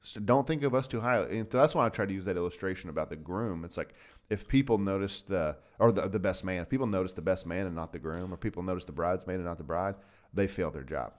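A man co-hosts a conversational podcast in a lowish voice. He talks earnestly, often breaks off and restarts his sentences, and laughs readily with his co-host. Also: quick pace. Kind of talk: casual chat.

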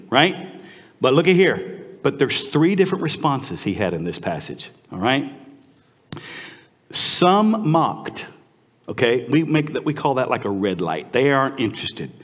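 A male pastor delivering a sermon with an animated, conversational delivery, dropping now and then into hushed, earnest tones. His mid-pitched voice rings out with a long hall reverb around it. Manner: animated, conversational preaching with sudden drops to quiet, intimate tones.

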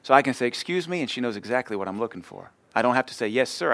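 A man's voice: mid-range voice, lively intonation, fast talker, creaky, few pauses, fairly bright tone, dry recording. A man pastor giving a sermon in a conversational way, acting out short everyday exchanges. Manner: conversational preaching, acts out short dialogues.

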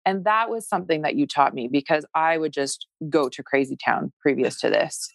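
Woman, 40s, low gravelly voice, earnest storyteller who acts out her own inner voice. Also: moderate pace, dry recording. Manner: animated, acts out her own past thoughts. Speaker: guest sharing her fertility story. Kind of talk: emotional personal storytelling.

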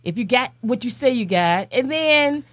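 A woman's voice: fairly high pitch, lively intonation, moderate pace, no echo. A woman hosting a casual talk show, asking questions and passing the conversation to others. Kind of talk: casual chat.

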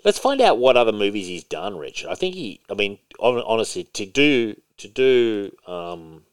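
Man, podcast co-host, low voice, dry recording, rambling casual chat, swearing. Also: big pitch swings, normal speed, clean tone, no room sound. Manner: rambling, swears freely, many fillers and restarts.

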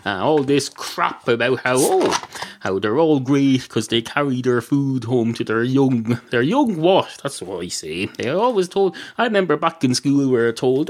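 An Irish man hosting a podcast, delivering a rambling, profane, deadpan comedic monologue. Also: mid-range voice, moderate pace. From Ireland. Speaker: podcast host.

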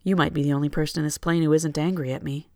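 A reader plays a sad young woman who apologizes and hesitates. The voice is slightly gravelly, heard close and dry. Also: medium pitch, steady tone, fast, warm tone, dry recording, close to an everyday voice. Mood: rueful.

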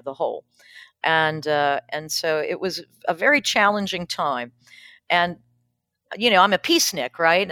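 A middle-aged woman with a fairly low voice tells a personal story with frankness and a dry, wry humor. Her speech is plain and direct. The recording is close and dry, with no room sound. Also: a bit bright, no echo. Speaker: pastor, guest. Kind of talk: candid personal storytelling in a podcast interview.

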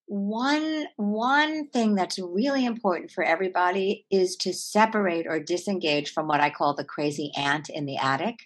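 An earnest woman author speaking as a guest in an interview. Her voice sits a little low and swings widely in pitch and loudness as she explains. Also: normal speed, hardly any pauses. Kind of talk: conversational interview.

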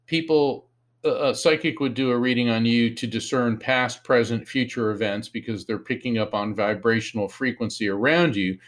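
Animated male storyteller, lively delivery. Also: medium pitch. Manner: animated storyteller, acts out quotes in raised voice. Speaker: psychic medium, author. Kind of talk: storytelling interview guest.

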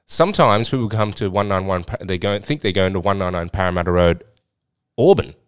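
A man's voice: low voice, animated, a little fast, clean tone, dry recording, studio quality. An Australian man hosting a podcast, telling a story in a rambling, blunt way with some swearing. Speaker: podcast host and swingers club owner. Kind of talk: casual storytelling chat.

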